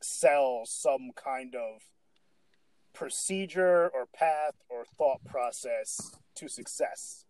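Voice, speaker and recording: A man's voice: medium pitch, very slow, a little mellow, no room sound, rough recording. A man in a casual movie discussion, giving firm, emphatic opinions.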